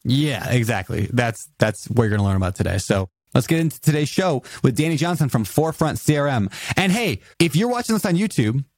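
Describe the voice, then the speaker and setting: A man hosting a podcast, talking in a playful, animated, casual way. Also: medium pitch, fairly quick, dry recording. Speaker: podcast host.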